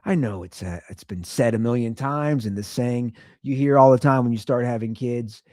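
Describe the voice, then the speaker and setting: On his casual solo podcast, a young male host rambles chattily about family life, drifting from sing-song delivery into mumbling and back. His medium-pitched voice is warm, moving at a moderate pace with few pauses, captured in a dry, studio-quality recording.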